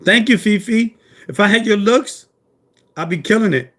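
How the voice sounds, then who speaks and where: A man hosting a live stream, talking loudly and jokily, rambling and calling out chat members by name. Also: sits high, normal speed. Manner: loud, joking, rambling, talks to chat by name.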